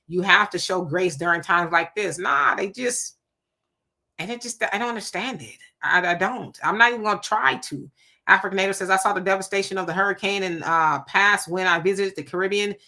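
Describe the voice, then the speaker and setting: Hosting a laid-back live stream, a Southern California woman reads viewer comments aloud and reacts with sass and animation. Her voice sits at a medium pitch.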